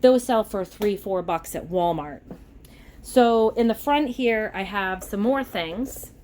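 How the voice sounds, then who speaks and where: A middle-aged woman with a Massachusetts accent, chatting casually about a grocery haul and getting excited over bargains. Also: mid-range voice, takes it slowly, a little hiss or hum. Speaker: vlogger.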